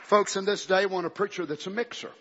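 A man preaching a fiery sermon, dropping to low murmurs and rising to shouted climaxes with calls of amen, recorded in an echoey church hall on dull lo-fi audio. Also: fairly even intonation, fast talker, some chatter behind, slight background noise.

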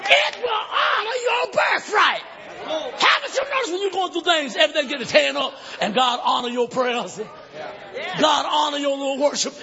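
Preacher man shouting his sermon, voice way up high, church echo and crowd answering. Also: very animated, moderate pace. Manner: shouting, chanting preaching with acted Bible voices. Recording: live church hall, dull lo-fi sound, congregation heard. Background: congregation responding.

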